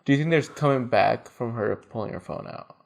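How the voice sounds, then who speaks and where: A man's voice: medium pitch, fairly quick, vocal fry. A man on a casual podcast, firing off short joking quips and questions. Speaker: podcast co-host. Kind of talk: casual chat.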